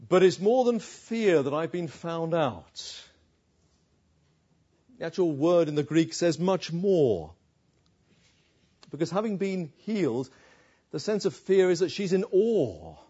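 A man preaching an expository sermon, expressive, with dramatic pauses that sink to hushed lows. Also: breathy edge. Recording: dull lo-fi recording.

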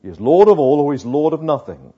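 A man preaching a sermon, slow and emphatic, with dramatic pauses between phrases. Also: on the high side, very animated, husky, highs cut off.

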